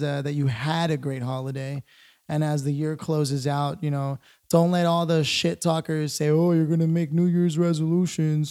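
A male podcast co-host with a gravelly, slightly high voice. He talks in a blunt, profane, encouraging way, casual and loose. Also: a little mellow.

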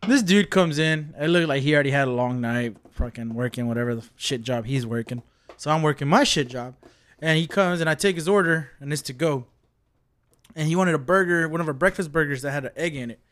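Young man, podcast host, lively storytelling, casual swearing, a bit high voice. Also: brisk. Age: late 20s. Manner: animated storyteller, swears freely.

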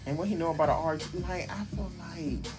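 Over background music, a man with a slightly high voice talks at a normal speed on his solo podcast. He rants bluntly and indignantly, rambling through his opinions and saying "like" constantly.

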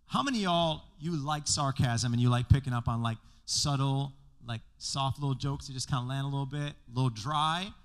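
A man's voice: a little high, a bit bright. A man preaching a sermon as pastor to a congregation in a church room, in a casual, joking way with slang.

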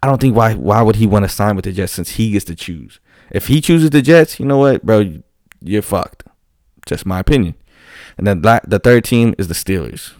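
Profane, animated man ranting. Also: on the low side, moderate pace, dry recording, clean studio sound. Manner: animated, profane, rambling with restarts. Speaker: football fan commentator. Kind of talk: casual monologue.

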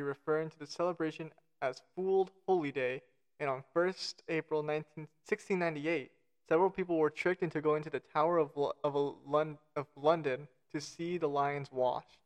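A man's voice: a little high, fairly even intonation, a little fast, clear, resonant tone. A man co-hosting a casual podcast, reading out facts with self-mocking jokes and stumbling over foreign names. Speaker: podcast co-host.

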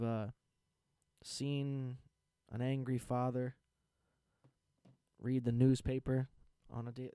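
A man's voice: medium pitch, mellow, dry recording, clean studio sound. A man hosting a podcast, ranting casually about news headlines in a profane, sarcastic, rambling way. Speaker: podcast host.

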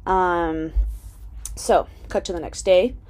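A woman with a lowish, slightly mellow voice takes her time recapping a TV episode. She reviews it casually, chatting away with plenty of "um" and "like" and swearing freely.

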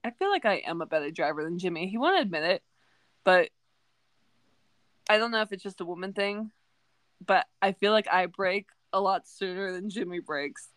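A woman's voice: mid-range voice, lively intonation, moderate pace, long pauses, fairly bright tone, dry recording. A young woman co-hosting a casual chat, frank and swearing casually as she tells stories. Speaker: podcast co-host.

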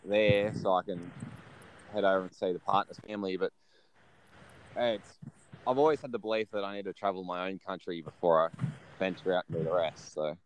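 An Australian man chatting as a guest in a relaxed, easygoing and self-deprecating way. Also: low voice, fairly quick, long pauses, a little hiss or hum. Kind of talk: casual chat.

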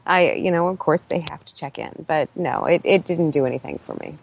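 A woman guest on a podcast talks casually in a fairly low voice. She starts her points haltingly, repeating words before she settles in. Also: creaky, a little hiss or hum. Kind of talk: casual chat.

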